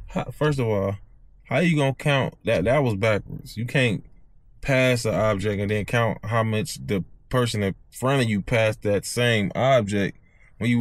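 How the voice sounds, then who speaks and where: A man, reading driving test questions aloud and explaining the answers in loose, casual talk. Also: fairly low pitch. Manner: reads questions slowly, then explains in loose slang. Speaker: CDL test tutor.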